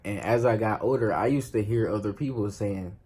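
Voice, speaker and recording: A man's voice: fairly low pitch, fairly quick, darkish tone, slightly rough. A young man vlogging to camera in a loose, slangy, emphatic way, swearing freely. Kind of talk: casual talk to camera.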